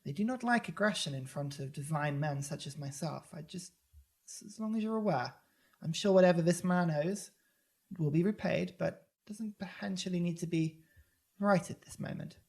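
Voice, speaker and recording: A man's voice: fairly high pitch, moderate pace, creaky, a little mellow, voice pushed up. A man voicing a self-important human cleric who talks in a formal, politely wheedling way. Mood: pompous.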